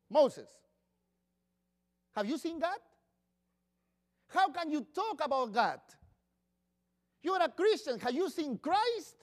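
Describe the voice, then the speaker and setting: A middle-aged man preaches a sermon in a notably high voice that rises and falls with feeling. He talks conversationally to the congregation, asks them questions and makes small grammar slips. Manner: non-native English with grammar slips. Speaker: pastor.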